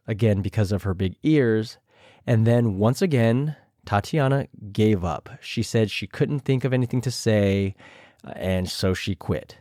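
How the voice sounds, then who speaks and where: A man's voice: a little mellow, no echo. Chatty man recapping a show, dry sound. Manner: chatty, mimics others in a higher voice. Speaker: podcast host recapping a show. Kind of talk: casual recap with imitated quotes.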